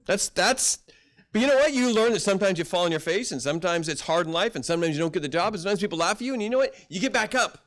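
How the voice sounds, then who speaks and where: A man's voice: high-pitched, animated, rapid-fire. A middle-aged male pastor preaching a sermon in a folksy storytelling way, acting out quoted voices.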